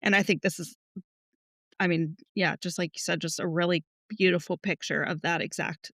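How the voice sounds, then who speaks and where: A woman's voice: lowish voice, steady tone, moderate pace, a bit bright, dry recording, clean studio sound. A young woman co-hosting a faith podcast, talking in a heartfelt, rambling way with lots of "like". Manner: heartfelt, rambling with many likes. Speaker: podcast co-host. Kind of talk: casual faith chat.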